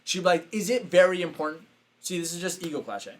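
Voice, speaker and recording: A man who works as a business coach tells a story casually, talking fast and sounding animated. He acts out the quotes with sudden jumps in pitch.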